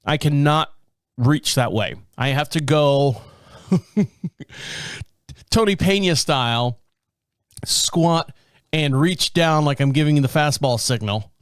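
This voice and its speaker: A man's voice: fairly high pitch, dry recording, studio quality. A man hosting a comedic solo podcast, telling a rambling story and often laughing at himself. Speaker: podcast host.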